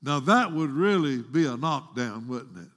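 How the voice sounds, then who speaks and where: The preacher has a mid-range, fairly bright voice with lively intonation, and he takes his time. His sermon, recorded with long hall reverb in a church, turns dramatic as he retells a story, rising to plead and giving the quoted woman a raised, pleading voice.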